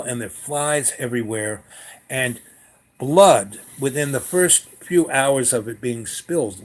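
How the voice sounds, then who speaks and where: An older man telling a long personal story in a meandering way, full of fillers and asides. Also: mid-range voice. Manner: meandering, full of "you know" and "um". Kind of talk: rambling personal anecdote.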